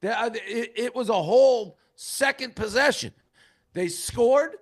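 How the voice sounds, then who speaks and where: A man's voice: extremely high pitch, a little slow. A man hosting a sports talk show, introducing callers with brash, sarcastic commentary. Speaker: host.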